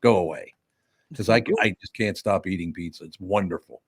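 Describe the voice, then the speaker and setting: Older male radio host, low voice, blunt, laughs easily, dry studio mic. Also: steady tone, fairly quick, dry recording. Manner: laughs often, gruff and blunt. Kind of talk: casual studio banter. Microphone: studio microphone.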